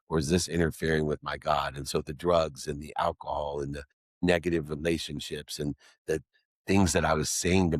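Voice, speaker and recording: A man's voice: a bass voice, slightly rough, no room sound, studio quality. A middle-aged man, a guest in an interview, telling a personal story in an earnest, emphatic way with alliterative phrasing.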